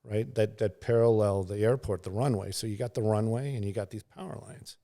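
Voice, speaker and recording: Gravelly middle-aged man telling a story. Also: lowish voice, fairly quick, dark tone. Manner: rambling, full of fillers and restarts; acts out sounds and quotes in the story. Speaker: aerial news pilot, podcast guest. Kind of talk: casual storytelling.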